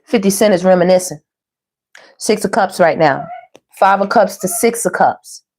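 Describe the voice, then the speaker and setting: A woman's voice: medium pitch, moderate pace, a little mellow. A woman giving a casual tarot reading, chatty and slangy, talking to viewers as y'all and baby. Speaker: tarot reader.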